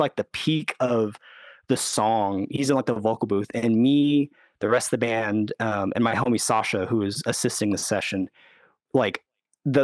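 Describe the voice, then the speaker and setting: A man's voice: medium pitch, dry recording, studio quality. Chatty man, rambling podcast guest. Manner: rambling, full of "like" and "you know", acts out quotes. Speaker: recording engineer and producer, guest. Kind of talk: casual interview talk.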